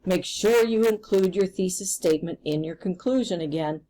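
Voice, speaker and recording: A woman's voice: fairly low pitch, moderate pace, mellow, rough recording. A woman teacher recording a remote lesson, explaining patiently and step by step.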